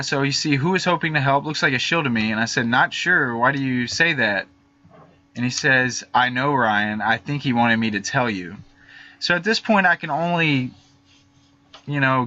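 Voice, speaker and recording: A man narrating over screenshots of messages, hesitant and halting, with many fillers and restarts, nervous and frightened. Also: mid-range voice, sharp tone, highs cut off. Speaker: YouTube channel host.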